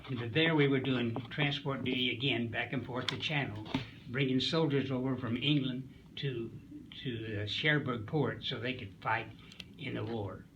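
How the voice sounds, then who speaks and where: A man's voice: medium pitch, normal speed, lo-fi sound, noisy background. A man in his nineties from Missouri, a wartime Coast Guard veteran, telling his stories in an interview in a folksy, rambling way with hesitations. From Springfield, Missouri, USA. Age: 90s. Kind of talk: storytelling interview.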